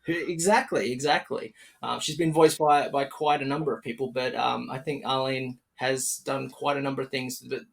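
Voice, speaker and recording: An Australian man hosts a casual podcast interview in a friendly, chatty way. He talks at an ordinary, mid-range pitch. His speech is loose and upbeat, full of fillers and restarts. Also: steady tone, normal speed, vocal fry, hardly any pauses, husky. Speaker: podcast host.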